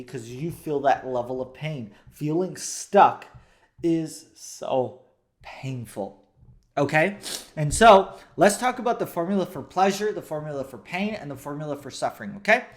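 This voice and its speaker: A man in his thirties, a coach, giving an emphatic motivational talk and repeating key phrases for stress. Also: mid-range voice.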